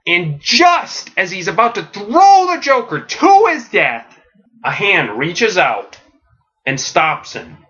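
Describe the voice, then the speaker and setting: A man hosting a comedic podcast, pitching a story in a rambling, filler-heavy way with deadpan enthusiasm. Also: muffled recording.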